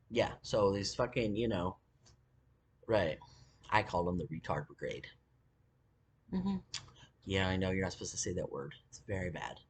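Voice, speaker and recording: A woman's voice: very deep voice, sing-song, unhurried, long pauses, slight background noise. A woman vlogger telling a long personal story in a heated, profane, rambling way.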